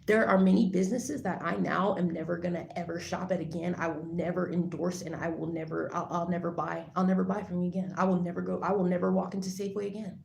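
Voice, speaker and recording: A woman talking casually to the camera, rambling with lots of fillers and restarts, turning loud and heated as she rants. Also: on the low side, steady tone, quick pace, gravelly, hardly any pauses. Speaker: vlogger. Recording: echoey room, faint background noise.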